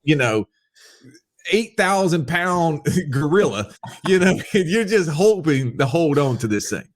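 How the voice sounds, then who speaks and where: A man telling a wild story as a podcast guest, excitable and quick to laugh, quoting people as he goes. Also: on the high side. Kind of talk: animated storytelling.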